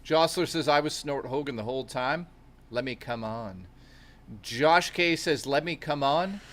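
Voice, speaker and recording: A man's voice: fairly high pitch, a little slow, a bit bright. Wry man co-hosting a live stream. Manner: wry, mocking banter. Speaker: co-host reading donations. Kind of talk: casual live-stream banter.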